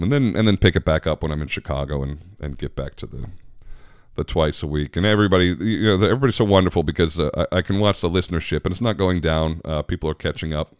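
Man, very low voice, casual podcast host, rambling, laughs a lot, dry close recording. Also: clear, resonant tone, no room sound. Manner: chatty, rambling, laughs often. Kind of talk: casual solo podcast chat.

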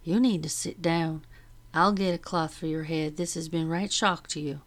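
A woman's voice: low-pitched, steady tone, moderate pace, close to an everyday voice. A woman reading the part of a kindly older household servant woman who talks in a folksy, old-fashioned way. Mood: sorrowful.

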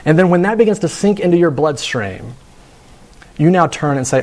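A man preaching a sermon in an earnest storytelling manner, slowing down for emphasis and closing in prayer. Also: a little high, big pitch swings, a little mellow. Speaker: pastor.

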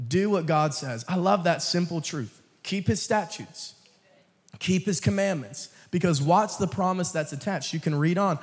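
Young male preacher, joking and then forceful, somewhat high voice, recorded with long hall reverb. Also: moderate pace. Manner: swings from low, quiet asides to loud, emphatic calls; jokes with the congregation and laughs. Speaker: guest preacher. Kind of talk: sermon. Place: church sanctuary.

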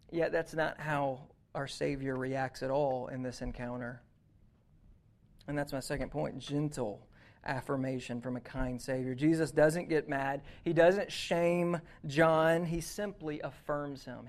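A young man preaching a sermon as a youth pastor, acting out inner dialogue with God in a lively, conversational way. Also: on the high side.

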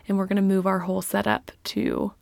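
A woman co-hosting a podcast in casual chat, animated and laughing often, with the hiccups, recorded in a small closet. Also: medium pitch, brisk, vocal fry, dry recording. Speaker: podcast co-host.

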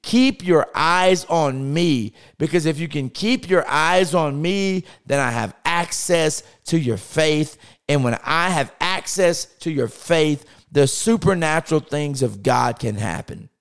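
A man's voice: a little high, expressive, takes it slowly, few pauses, clear, resonant tone. A man preaching a podcast sermon with impassioned rhetorical questions, acting out scripture quotes in his own voice.

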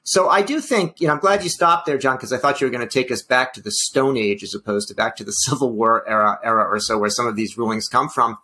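Bright-voiced man hedging wryly. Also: medium pitch, quick pace, hardly any pauses. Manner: wry, hedging with fillers. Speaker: podcast co-host. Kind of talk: casual policy discussion.

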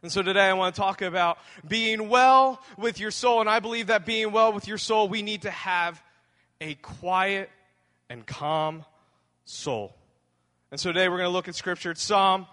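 A man's voice: sits high, pushed and bright. A man pastor preaching a sermon in a conversational, humorous way, talking directly to his congregation in a church hall. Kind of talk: sermon with personal storytelling.

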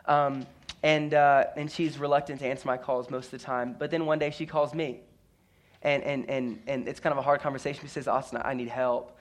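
A man's voice: medium pitch, level tone, a little fast. A man preaching a sermon as pastor, telling a story earnestly with stammered restarts and repeated words.

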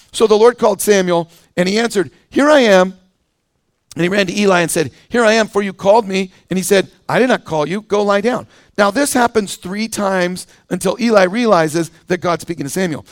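A man's voice: sits high, no room sound, clean studio sound. A male pastor preaching a sermon in a conversational way, with fillers, restarts and scripture read aloud.

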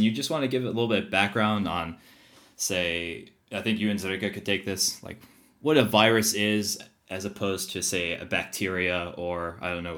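A man's voice: low voice, a bit bright. A man co-hosting a podcast, chatty and jokey, often hesitating mid-sentence. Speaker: podcast co-host. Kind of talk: casual podcast chat.

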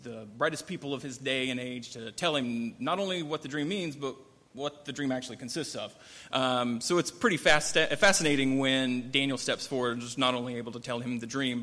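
Male Bible teacher, relaxed and conversational, with long reverb from the hall. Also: medium pitch, normal speed. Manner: conversational, with frequent fillers and restarts.

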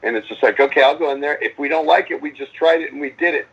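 Middle-aged rock frontman, gravelly and rough, rambling and profane, muffled lo-fi call audio. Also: a little high, fast. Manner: rambling, profane, lots of restarts and acted-out quotes. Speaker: metal band frontman. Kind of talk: casual interview answers.

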